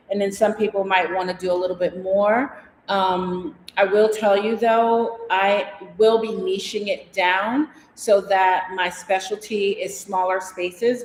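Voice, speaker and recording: A woman's voice: medium pitch, a little hiss or hum. A woman hosting a casual livestream from her house, rambling chattily and reading viewer comments aloud. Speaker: DIY and design vlogger. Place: house interior in Mexico. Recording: echoey room with long reverb.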